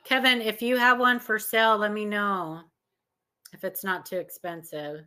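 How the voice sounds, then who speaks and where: A woman's voice: mid-range voice, fairly even intonation, moderate pace, pushed and bright, clean tone. A woman chatting casually as co-host, with playful, teasing asides. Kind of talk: casual chat.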